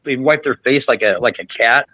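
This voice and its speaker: A man's voice: mid-range voice, moderate pace, sharp tone, dry recording, low-quality recording. A man hosting a podcast, telling a long story in casual chat with frequent restarts and fillers. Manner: rambling, many restarts and fillers. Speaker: podcast host.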